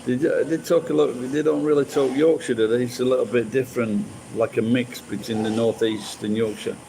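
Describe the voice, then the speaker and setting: A man's voice: medium pitch, steady tone, normal speed, creaky, noisy background. A man from Sheffield with a Sheffield accent, chatting casually with viewers on a livestream and rambling with frequent restarts. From Sheffield, England. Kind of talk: casual chat.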